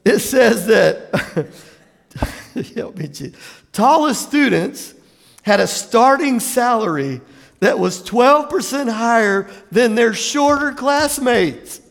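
A man from Jacksonville, Florida, preaching a sermon as pastor, an animated storyteller with laughing asides who acts out voices. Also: extremely high pitch, slow, gravelly, pauses often, in a large hall. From Jacksonville, Florida, USA.

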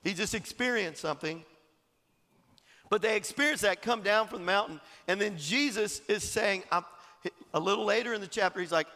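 A man preaching a sermon, telling stories in an animated way and often chuckling as he talks. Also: sits high, normal speed, long reverb tail. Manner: animated storytelling, chuckling, acting out quotes. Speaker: pastor.

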